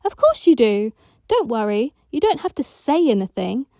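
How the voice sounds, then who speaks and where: A woman's voice: normal speed, dry recording, studio quality. A woman voicing a bold, bossy ten-year-old girl in care, brash and boastful. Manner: brash, boastful, shrill when excited.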